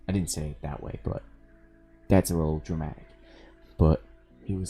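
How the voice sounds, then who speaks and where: A man's voice: extremely low pitch, steady tone, moderate pace, long pauses, mellow, husky, soft background music. A male streamer casually telling a story while gaming, profane, sardonic and amused.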